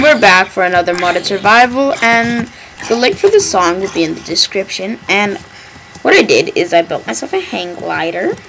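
A woman's voice: medium pitch, gravelly, a bit bright, a little hiss or hum, rough recording. A woman hosting a gameplay video, rambling playfully with mock-dramatic asides. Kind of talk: casual gameplay commentary.

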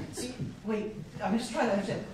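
A woman in a live improv scene who sounds hesitant and awkwardly polite. Her voice is mid-pitched. She is heard from a distance in a very echoey, noisy hall. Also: wildly swooping pitch, measured pace. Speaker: improv performer. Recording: echoey hall from far off, loud noise.

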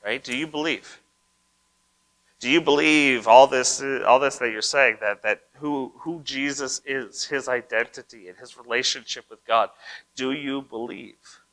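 A man delivers a sermon as pastor, reading scripture and then unpacking it in a relaxed, conversational way. His voice is bright and forward, sitting at an average pitch for a man. He keeps checking in with his listeners through quick rhetorical asides. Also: rough recording. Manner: conversational preaching with frequent "right?" asides; reads scripture aloud, then comments on it.

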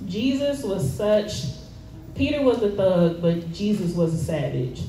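A woman's voice: medium pitch, big pitch swings, a little slow, warm tone. A woman giving a casual, conversational sermon in slangy everyday speech, with lots of fillers and easy laughter. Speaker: speaker at a church service. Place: church hall. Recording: echoey room, voice far from the mic, faint noise.

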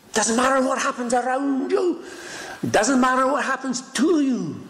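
A man preaching a sermon, swinging from high exclaiming cries down to hushed whispers. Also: animated, normal speed, roomy sound, a little hiss or hum, low-quality recording. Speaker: pastor. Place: church.

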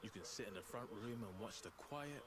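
A man voicing a calm male game narrator. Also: fairly low pitch, fairly quick, noisy background, lightly acted. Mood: relaxed. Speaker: in-game narrator describing a house for sale.

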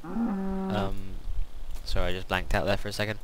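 A man's voice: fairly low pitch, sing-song, moderate pace, a little hiss or hum, low-quality recording. A sleepy man giving casual gameplay commentary, hesitant and rambling with many fillers. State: sleepy, yawning.

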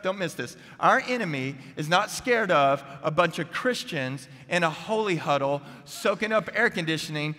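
A man preaching a chapel sermon, energetic and humorous, who keeps putting questions to the crowd. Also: a little high. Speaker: guest preacher. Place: seminary chapel. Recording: echoey chapel hall.

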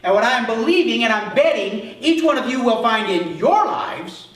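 A man's voice: extremely high pitch, expressive, normal speed, fairly bright tone. A male pastor preaching a conversational sermon, acting out little dialogues as he goes. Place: church sanctuary. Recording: echoey church hall, mic far off.

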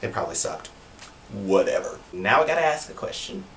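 Young male vlogger, wisecracking and expressive, filmed on a home camera with faint background hiss. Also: lowish voice, brisk. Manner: animated, sarcastic, jokey. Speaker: vlogger answering viewer questions. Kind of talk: casual chat. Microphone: flip camera.

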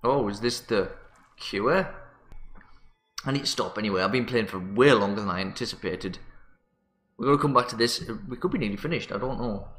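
A man's voice: fairly low pitch, a little fast, pauses often, fairly bright tone. A man hosting a let's play, panicky and self-mocking, swearing often as he plays. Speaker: gaming channel host. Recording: roomy sound with faint music.

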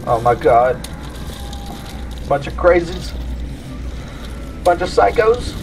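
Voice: medium pitch, very animated, slow, recorded from a distance, noisy background. A gamer giving let's-play commentary on a horror game, pleading and laughing nervously at the scares.

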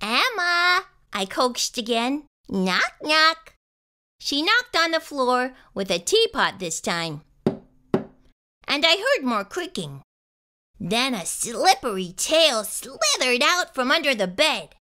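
A woman reading a children's picture book aloud in an expressive storytelling style. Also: high-pitched, takes it slowly.

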